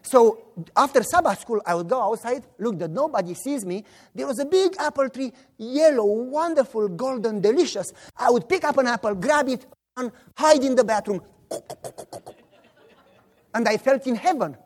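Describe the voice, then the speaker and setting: Speaking with a Romanian accent, a man preaches a sermon and tells stories animatedly, acting out the voices of the people in them. His voice is very high and his speed is normal.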